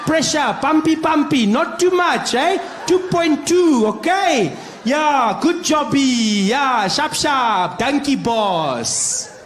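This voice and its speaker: A man playing a patronizing white driver who talks down to a petrol attendant in loud, slow, broken pidgin. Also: extremely high pitch, animated, echoey room, a little hiss or hum, voice pushed up, full character voice.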